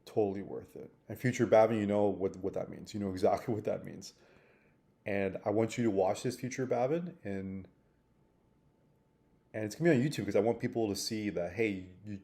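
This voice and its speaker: A man speaks in a low, mellow voice, reflecting on a mistake in a personal vlog. He thinks aloud in a rambling way, circling back and restarting his sentences as he searches for the point. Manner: thoughtful, rambling with restarts and fillers. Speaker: vlogger.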